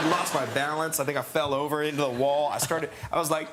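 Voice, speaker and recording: A young man telling an excitable anecdote on a talk show, laughing and stammering as he acts out the voices. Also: a little high, fast. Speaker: actor telling a story. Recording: noisy archive clip.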